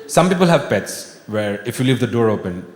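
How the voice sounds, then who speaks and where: A man in his thirties with an Indian English accent, performing a stand-up comedy set and jumping into high, shouty voices for his friends. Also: a little fast. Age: 30s. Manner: animated, acts out friends in sudden high-pitched bursts. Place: large venue with live audience. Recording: echoey hall with audience noise.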